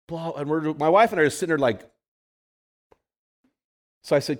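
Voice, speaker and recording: A man's voice: a little high, normal speed, pauses often. A man in his fifties, a pastor telling a story in a conversational sermon to a men's group, repeating phrases for emphasis.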